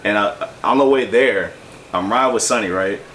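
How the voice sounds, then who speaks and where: A man's voice: lowish voice, a bit bright, slight background noise. A man casually telling a long, profane story about his music, full of fillers and asides. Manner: loose, profane, fast-moving anecdote with many fillers. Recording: distant mic with faint room ambience.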